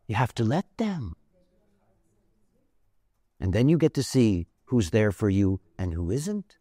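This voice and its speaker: A man's voice: lowish voice, big pitch swings, measured pace, mellow, no echo. A man giving a conversational lecture, wandering into stories with many fillers and asides. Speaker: teacher of a spiritual system. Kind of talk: lecture with storytelling.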